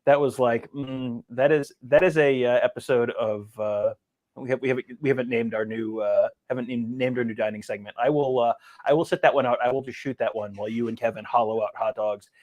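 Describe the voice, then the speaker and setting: A man co-hosting a casual sports podcast. He tells stories in an animated, self-amused way, and his voice sits at a middle pitch. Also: brisk, muffled recording. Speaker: podcast co-host.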